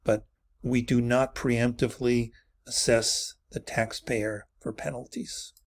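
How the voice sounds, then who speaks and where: A man's voice: mid-range voice, little pitch movement, slow. Methodical man teaching tax preparation. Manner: methodical, explanatory, with occasional self-corrections. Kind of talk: recorded training walkthrough.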